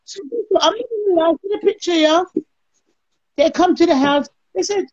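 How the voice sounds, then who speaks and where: This interview guest is a woman with a very high voice and a moderate pace. She narrates her story animatedly, acting out others' lines, over a lo-fi call connection.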